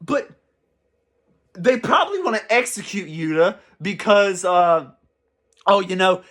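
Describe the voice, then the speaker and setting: A young man giving casual, excitable commentary as a channel host, rambling and swearing freely. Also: high voice, a little slow.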